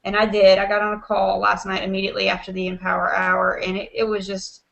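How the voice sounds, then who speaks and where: A woman talks from her desk at home over a video call. Her voice has a gravelly rasp and a sharp brightness. She tells her story in a lively way, scattering "you know" and acting out what others said. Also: mid-range voice, quick pace, muffled recording, a little hiss or hum. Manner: animated, acts out quotes, many fillers like "you know". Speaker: host of an online video hangout. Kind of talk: casual excited storytelling.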